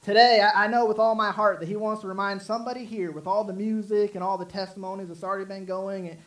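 Guy preaching, pretty high voice, earnest and rambly, keeps restarting. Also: steady tone, quick pace, low-quality recording. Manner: earnest, repetitive with frequent restarts and fillers. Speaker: pastor. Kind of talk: sermon.

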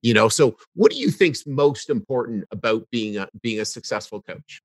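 A man hosting a podcast, with a voice of middling pitch. He asks his questions in a loose, agreeable way, padded with "you know". The recording is dry, with no echo. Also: normal speed. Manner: agreeable, filler-heavy questioning. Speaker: podcast host and coach. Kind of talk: casual interview questions.

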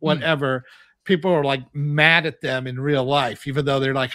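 A man co-hosting a casual panel chat, animated and quoting people as he talks. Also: mid-range voice, moderate pace, dry recording. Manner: animated, quotes people in put-on voices. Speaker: podcast co-host.

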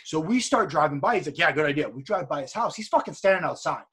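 A man speaking as a guest over a video call, telling a story in an energetic, profane way and repeating words as he goes. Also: on the high side, fast, slightly rough. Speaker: guest, streamer and wrestler. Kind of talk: casual storytelling chat.

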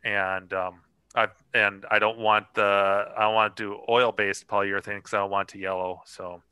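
Guy on a podcast, bright clear lowish voice, rambles and swears a lot, dry sound. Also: level tone, moderate pace, dry recording, rough recording. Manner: rambling, lots of fillers and swearing. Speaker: podcast host. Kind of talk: casual chat.

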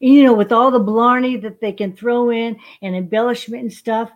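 A woman's voice: a little high, fairly even intonation, normal speed, dull audio. An older woman, a veteran, who tells stories chattily as a podcast guest and calls people honey. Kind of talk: casual interview storytelling.

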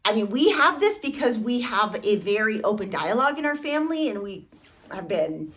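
A woman's voice: mid-range voice, sing-song, normal speed, a bit bright. A woman from the United States co-hosting a podcast in casual chat, talking freely with many "like" fillers and restarts. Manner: chatty, many "like" fillers, restarts mid-thought. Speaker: podcast co-host.

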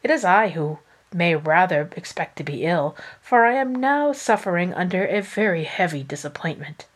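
A woman reading the lines of a strained, evasive young gentleman in a subdued, halting way. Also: lowish voice, animated. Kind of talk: reading aloud.

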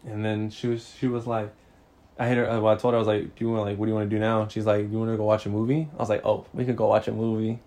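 A man's voice: fairly low pitch, little pitch movement, racing, mellow. Slangy, laughing young man telling a story. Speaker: podcast co-host. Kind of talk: casual storytelling chat.

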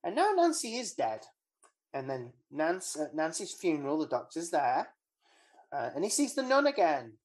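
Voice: medium pitch, huge pitch swings, moderate pace. A podcast co-host, casually retelling a film plot in a wry, rambling way with lots of ums. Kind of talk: casual film recap chat.

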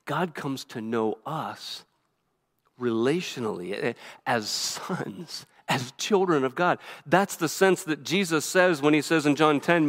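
A male pastor preaching a sermon quickly and earnestly, often restarting his phrases. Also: a little high, a bit bright. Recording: reverberant hall.

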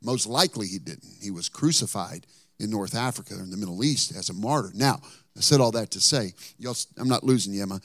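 A male pastor preaching a sermon, telling Bible stories dramatically and rising to loud bursts. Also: fairly low pitch, a little fast, no room sound.

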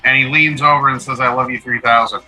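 Fast-talking bright man. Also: mid-range voice, steady tone, soft background music, rough recording. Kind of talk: casual chat.

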